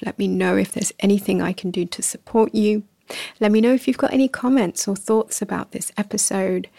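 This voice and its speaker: Woman, podcast host, soft, slow and encouraging, fry in the voice, medium pitch. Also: no echo. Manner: soft and slow, sometimes whispering, laughs at herself. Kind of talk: gentle reflective podcast talk.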